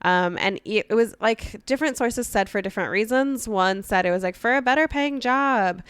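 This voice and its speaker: A woman's voice: a little high, normal speed, a bit bright, clear, resonant tone, dry recording. A young adult woman co-hosting a podcast, telling a history story in casual chat full of filler words. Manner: chatty, many "like" fillers, retells history conversationally. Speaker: podcast co-host.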